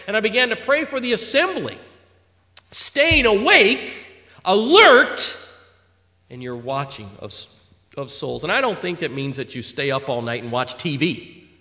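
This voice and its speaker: Male preacher, higher voice, lively storytelling sermon with loud and quiet turns, hall reverb. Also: measured pace. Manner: animated storytelling, swings between loud exhortation and quiet asides.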